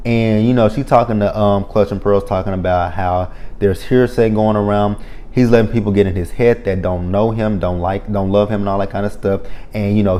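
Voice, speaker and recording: A young man giving a casual, profane, animated recap of a reality TV episode, laughing often. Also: fairly low pitch.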